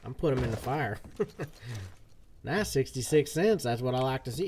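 A man's voice: medium pitch, expressive, normal speed, pauses often, a little mellow, husky. Folksy man streaming a western game. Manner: folksy cowboy drawl, playful. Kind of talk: casual live game commentary.

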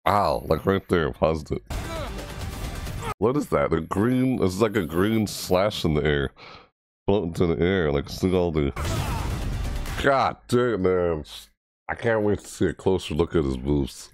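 A man hosting a casual reaction video, rambling excitedly about a game trailer. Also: measured pace, long pauses, music in the background. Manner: excitable, rambling, mimics game voices in high yelps.

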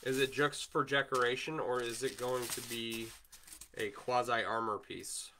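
A man's voice: mid-range voice, fairly even intonation, measured pace, pushed and bright, a little hiss or hum. A man with a Wisconsin accent hosting a livestream, chatting casually and rambling while he works on chainmail and answers viewer comments. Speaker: livestream host, chainmail maker.

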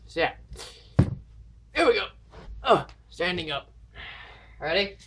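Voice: medium pitch, big pitch swings, slow, background noise. A vlogger chatting casually to camera at home, rambling and counting down nervously before each dare. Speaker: vlogger doing viewer dares. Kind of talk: casual vlog chat to camera. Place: indoors at home.

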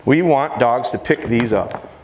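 A man's voice: medium pitch, measured pace, heavy background noise. A middle-aged man giving a dog training seminar to a live audience, talking energetically and joking with the crowd. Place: large exhibition hall. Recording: roomy hall echo, faint crowd ambience.

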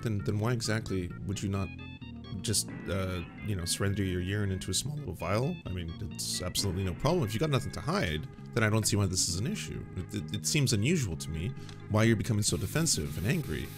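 A man voicing a calm, polite male police interrogator who speaks softly and hesitantly with many "uh"s, using a lower, quieter voice than his own. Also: quick pace, music in the background. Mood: calm, patient. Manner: soft-spoken, hesitant, full of "uh".

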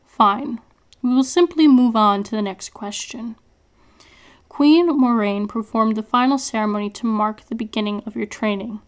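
A woman voicing a cold, menacing male interrogator who taunts in a calm, almost sing-song way. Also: on the high side, normal speed, lightly acted.

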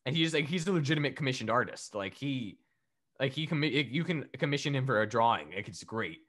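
A man's voice: mid-range voice, brisk. Rambling, laughing man in casual chat. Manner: animated, laughing, profane, rambling with fillers. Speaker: podcast co-host. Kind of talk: casual chat reviewing wrestling.

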